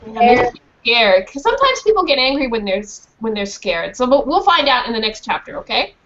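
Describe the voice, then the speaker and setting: A woman's voice: on the high side, very animated, fairly quick, a bit bright. A woman reading a storybook aloud to a class of children, acting out the characters' voices with animation. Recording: dull lo-fi call audio with faint hiss.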